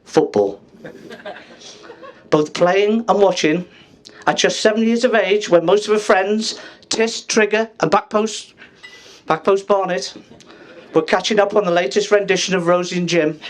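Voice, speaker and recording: At a wedding reception, a man in his fifties gives a jokey father-of-the-bride speech, teasing guests and pausing for laughs. His voice is high-pitched.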